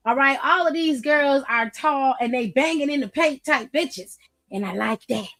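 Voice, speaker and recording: A young woman streaming a casual wrestling recap, blunt, profane and animated, chatting with her viewers. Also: high-pitched, moderate pace. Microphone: streaming mic.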